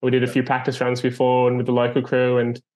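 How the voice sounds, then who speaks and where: Man, foil coach, casual podcast chat, laid-back storyteller, flat monotone delivery. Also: mid-range voice, quick pace.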